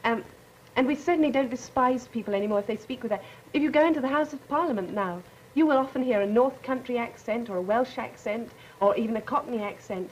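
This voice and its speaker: A woman's voice: fairly high pitch, quick pace, a little mellow, lo-fi sound, a little hiss or hum. A young woman from England with a cultured English accent, speaking fluently and articulately as a student panelist, lightly self-mocking. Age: late teens.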